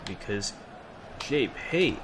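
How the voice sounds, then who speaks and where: Excitable young man commentating gameplay. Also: mid-range voice, slow, crowd noise. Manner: excitable, chatty, frequent restarts and fillers. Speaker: gaming video host. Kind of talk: game commentary, recapping and playing live. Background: background music.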